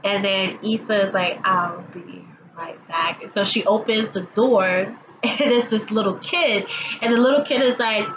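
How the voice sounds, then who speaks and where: A woman with allergies chatting through a casual episode recap vlog at home, acting out the characters' lines as she goes. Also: on the high side. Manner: chatty storyteller, acting out quotes, laughing along. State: stuffy with allergies. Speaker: TV episode reviewer. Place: at home, sirens passing outside. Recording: dull home recording with audible background noise.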